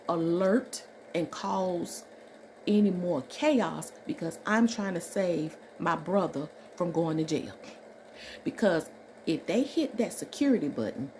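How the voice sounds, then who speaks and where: Woman from Alabama, nurse, storytime vlog, warm mellow voice, emphatic, faint background hiss. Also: fairly low pitch. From Alabama, USA. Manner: animated, emphatic, acts out dialogue. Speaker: registered nurse telling a story.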